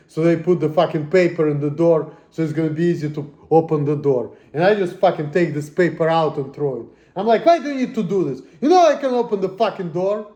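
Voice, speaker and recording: A man ranting to the camera in a profane, agitated way, swinging between muttering and shouting. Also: on the high side, reverberant. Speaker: vlogger. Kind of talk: angry personal rant.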